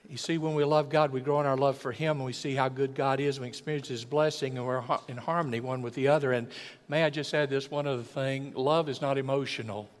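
An older man, preaching a folksy sermon that swells from quiet to loud and acts out voices. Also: medium pitch, steady tone, fast talker. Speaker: pastor. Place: church sanctuary. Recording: long church hall reverb.

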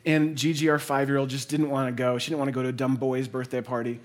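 A man in his thirties preaching a sermon as a pastor, earnest, mixing personal stories with building emphasis and quiet, low endings. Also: little pitch movement. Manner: earnest, builds to intense emphasis then drops soft and low; conversational storytelling with quick asides.

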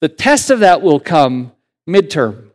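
A man preaching a sermon as pastor in a conversational, animated way, building to emphatic points. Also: on the high side, takes it slowly.

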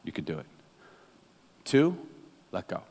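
Lively, joking male pastor in reverb. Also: sits low, a little slow, vocal fry. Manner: animated and humorous, laughs often. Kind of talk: sermon.

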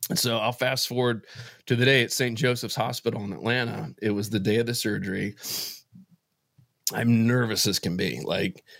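Halting, emotional man telling his story. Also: lowish voice, steady tone, vocal fry, a bit bright, no echo, clean studio sound. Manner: emotional, halting, with frequent restarts. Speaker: podcast guest. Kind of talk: personal faith testimony in conversation.

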